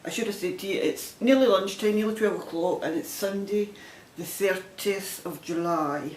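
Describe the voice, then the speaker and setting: A woman's voice: normal speed, a little mellow. A Scottish woman chatting casually and rambling a little as she shows her crafting projects on her video podcast. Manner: chatty, self-deprecating, meandering. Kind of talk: casual show-and-tell chat. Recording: roomy echo, faint rumble.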